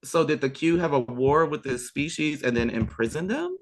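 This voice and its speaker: A man's voice: a little high, lively intonation, moderate pace. Brief: young man, podcast guest, chatty, enthusiastic, lots of ums and restarts. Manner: chatty and enthusiastic, trailing fillers. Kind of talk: casual chat.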